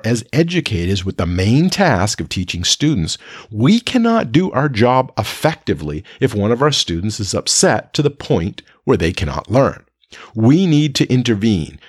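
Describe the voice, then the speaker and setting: A man with a slightly husky voice gives an instructional talk to fellow teachers, calm and explanatory. His pitch moves a lot as he stresses points, and the recording is dry and close, with no room sound. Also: no echo. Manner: calm, explanatory, with rhetorical "right?" checks.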